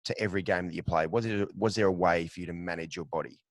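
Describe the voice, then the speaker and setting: Middle-aged guy hosting a podcast, real low voice, dry close sound, laughs a lot, rambly questions. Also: fairly even intonation, fast, dry recording. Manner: reflective, laughs easily, long rambling questions. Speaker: podcast host. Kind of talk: casual interview chat.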